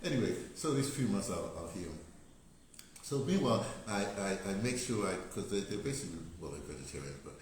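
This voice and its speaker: Deep-voiced with big pitch swings, this older American man speaks a little fast as he vlogs. His casual monologue rambles and digresses, with frequent laughter and many restarts, and the very echoey room carries slight background noise.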